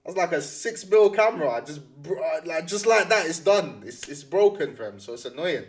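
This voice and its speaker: A man's voice: a little high, lively intonation, normal speed, far from the mic. Slangy young man chatting. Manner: slangy, repeats phrases, rambling. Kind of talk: casual chat.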